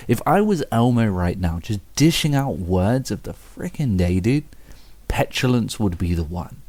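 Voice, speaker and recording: A young man rambles through his thoughts for his channel, circling back with fillers and self-mocking swears. His voice sits on the low side, and the sound is dry and close with no room around it. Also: animated, moderate pace, warm tone, no echo. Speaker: vlogger. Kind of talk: reflective casual monologue.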